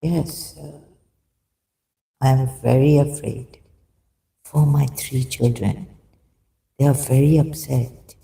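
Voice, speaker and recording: Man, gravelly, very slow, hesitant reading with commentary, many fillers. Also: mid-range voice, fairly even intonation, warm tone, rough recording. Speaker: video commentator. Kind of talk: halting reading aloud with commentary.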